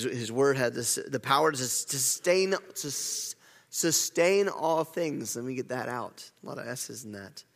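A man's voice: medium pitch, creaky, a bit bright. A man preaching a sermon as pastor, earnest, often repeating words and restarting phrases. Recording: long hall reverb.

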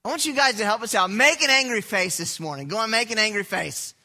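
Bright high-voiced male preacher. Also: quick pace. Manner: vivid storytelling, asks the congregation questions. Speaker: pastor. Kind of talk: sermon.

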